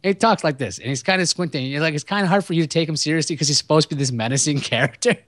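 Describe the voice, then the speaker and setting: Animated, rambling podcast guy, dry sound. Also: on the high side, rapid-fire, no room sound. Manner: rambling, profane, animated storytelling. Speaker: podcast co-host. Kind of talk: casual chat about movies.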